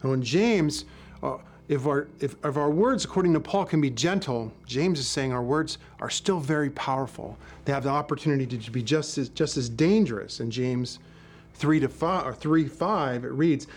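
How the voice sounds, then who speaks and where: A man's voice: medium pitch, moderate pace. Man preaching a conversational sermon. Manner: conversational storytelling with frequent restarts. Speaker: pastor and former police officer.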